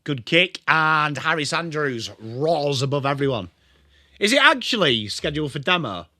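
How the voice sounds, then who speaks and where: English male streamer, young, bright and animated, calls the footy and chats to viewers, dry close mic. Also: a little high, normal speed, no room sound. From England. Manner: chatty, greets viewers, lively. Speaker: livestream host. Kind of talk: live football watchalong commentary.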